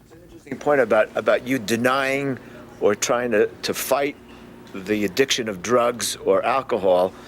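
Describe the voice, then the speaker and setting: A man interviewing a guest, putting his questions in a measured way and checking that he has understood. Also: medium pitch, a little hiss or hum.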